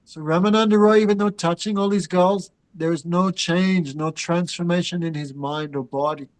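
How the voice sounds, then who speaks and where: A man leads a scripture class, his voice sitting a little high for a man. He chants verses in Sanskrit and Bengali, then explains them in plain talk and turns to address his students directly. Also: steady tone, normal speed, rough recording. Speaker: spiritual teacher.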